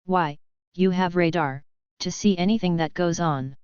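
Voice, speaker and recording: A woman voicing an earnest young male space cadet pilot, crisp and dutiful. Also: fairly low pitch, a little slow, a little mellow, no echo, muffled recording, lightly acted.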